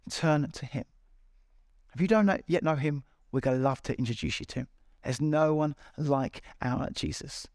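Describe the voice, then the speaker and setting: A man's voice: fairly high pitch, normal speed, darkish tone, no echo, studio quality. A man preaching a sermon to a large congregation, earnest and encouraging, with repeated appeals. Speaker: pastor. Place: large church hall.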